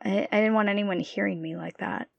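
A woman's voice: mid-range voice, fairly even intonation, brisk, gravelly, no room sound, highs cut off. A woman in her thirties chatting casually and laughing easily with a friend. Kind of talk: casual chat.

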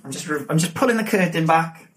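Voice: mid-range voice, animated, fast talker, fairly bright tone. A podcast host chatting casually and explaining things to listeners. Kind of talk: casual interview chat. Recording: roomy kitchen.

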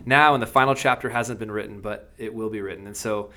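A man's voice: fairly low pitch, fast talker, sharp tone. A man, a pastor, discussing his beliefs on a podcast and reading passages aloud in a teacherly way.

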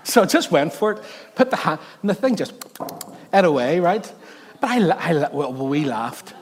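A man preaching a sermon, telling funny stories in an animated, jokey way and interrupting himself often. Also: a little high, normal speed, slightly rough, in a large hall. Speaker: pastor. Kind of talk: sermon with humorous storytelling.

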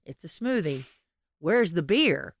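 A woman's voice: lowish voice, big pitch swings, takes it slowly, dry recording. A woman, co-hosting a podcast in casual, rambling chat, laughing often and restarting her sentences. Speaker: podcast co-host.

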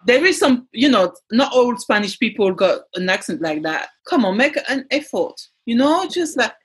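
A man's voice: extremely high pitch, lively intonation, moderate pace, few pauses, a bit bright, breathy edge. A man from France with a French accent, a comedian guest talking bluntly and mockingly in a casual interview.

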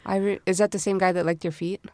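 A woman's voice: on the low side, steady tone, quick pace, a little mellow, no echo, clean studio sound. A woman in her forties co-hosting a podcast, teasing her partner with short quips and reactions. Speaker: podcast co-host. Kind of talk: casual chat.

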